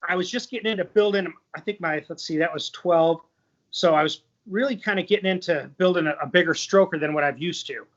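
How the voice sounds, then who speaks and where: A man's voice: high-pitched, fairly quick, fairly bright tone, lo-fi sound. A man hosting a casual interview, easygoing and plain-spoken. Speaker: host.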